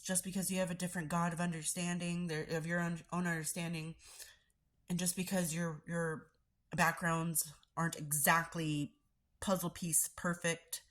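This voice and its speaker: Low-voiced congested woman, earnest. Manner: earnest, stammers and repeats words. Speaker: recovering addict sharing daily reflection. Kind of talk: casual reflective monologue.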